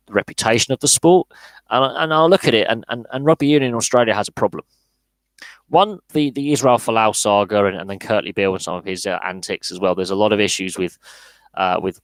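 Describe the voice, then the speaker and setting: A man's voice: fairly low pitch, no echo, rough recording. A man hosting a live sports podcast, speaking bluntly and often repeating words as he restarts his sentences. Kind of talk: live podcast Q&A, casual opinionated chat.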